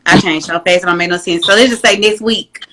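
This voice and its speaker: A woman guest on a casual talk show, telling stories in an animated, slangy, joking way. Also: on the low side, quick pace, low-quality recording. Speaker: podcast guest. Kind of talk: casual interview chat.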